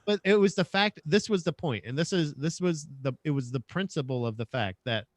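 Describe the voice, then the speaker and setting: A man's voice: on the high side, expressive, fairly quick, no room sound, clean studio sound. A man co-hosting a podcast, trading crude, self-mocking banter in a casual chat. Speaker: podcast co-host.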